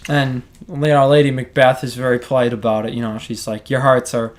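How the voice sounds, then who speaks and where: A young man gives an easygoing, joking retelling for a class project. He often repeats words as he talks. His voice sits at an ordinary middle pitch. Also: steady tone, fairly quick. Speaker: student presenting a class project. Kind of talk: casual comic retelling.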